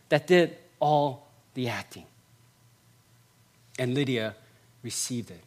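A male pastor preaching a sermon, stressing points by repeating phrases and swinging between loud passages and hushed ones. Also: high-pitched, husky.

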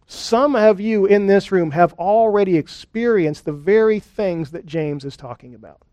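A male pastor giving a sermon, earnest and conversational, slowing down for lists and key points. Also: high voice, mellow, no echo. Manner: earnest, conversational preaching with deliberate pauses and lists. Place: church.

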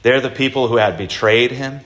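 A male pastor giving an Easter sermon, preaching in a deliberate, emphatic way and lifting his voice for stress. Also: medium pitch, a bit bright.

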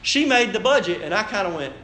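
A man's voice: high-pitched, sing-song, quick pace, sharp tone, a little hiss or hum. A married man preaching a sermon as pastor, telling a personal story in a conversational way and speaking directly to the congregation. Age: adult, married. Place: church sanctuary. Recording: echoey church room.

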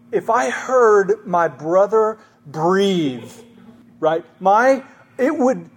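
A male pastor with a high voice delivers a chatty sermon, speaking conversationally and asking the congregation questions.

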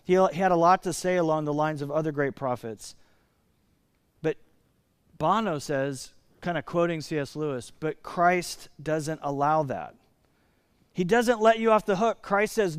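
Clear-voiced man preaching a sermon. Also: a little high, no echo, clean studio sound. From Indiana. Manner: emphatic, slows down to stress key words. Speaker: pastor.

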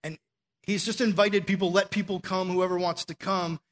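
A man preaching a sermon in a relaxed, conversational way, telling stories and often dropping in "like" as a filler. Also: high voice, moderate pace. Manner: conversational storytelling with frequent "like" fillers.

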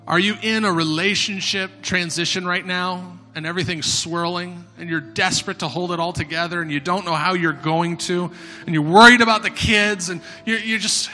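Pastor guy preaching, really high sharp voice, goes from quiet to shouting, echoey church with music under it. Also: moderate pace. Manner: impassioned, swings from hushed to shouting. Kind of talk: sermon. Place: church sanctuary. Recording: reverberant hall with music behind.

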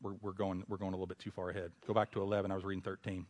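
A man preaching an expository sermon, moving between conversational asides and loud, emphatic exhortation. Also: level tone, racing, in a large hall. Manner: builds to loud emphatic exhortation, then drops low; conversational asides and self-corrections.

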